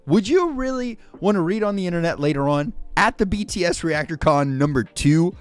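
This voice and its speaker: A man hosting a livestream in casual chat, excitable and jokey, greeting viewers by name and saying "freaking" constantly. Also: high voice. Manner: excitable, says "freaking" constantly, shouts out names; jokey and hyperbolic. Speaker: livestream host.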